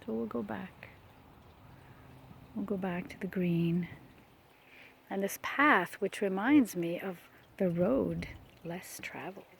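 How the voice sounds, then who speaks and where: Soft-spoken reflective woman vlogging outdoors. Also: medium pitch, takes it slowly, creaky, pauses often, husky. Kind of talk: rambling outdoor vlog. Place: outdoors on a walk by a lake. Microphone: phone held while walking.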